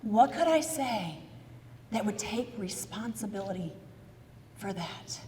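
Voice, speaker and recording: An American motivational keynote speaker tells a story with energy before a live audience in a large event hall, asking them questions and giving instructions. Her voice is mid-range and slow, with slight background noise and reverberant hall sound.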